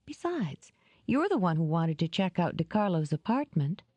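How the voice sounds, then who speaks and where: A woman's voice: lowish voice, sing-song, normal speed, a little mellow, no room sound. Woman voicing a bubbly, teasing young woman. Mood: playful. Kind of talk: audiobook character reading.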